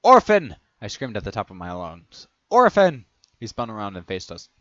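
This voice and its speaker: A man reads a first-person story aloud in a lowish voice, tripping over words and correcting himself as he goes. The sound is dull and muffled, with a dry, close feel. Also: fast, no echo. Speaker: reader of a fan story.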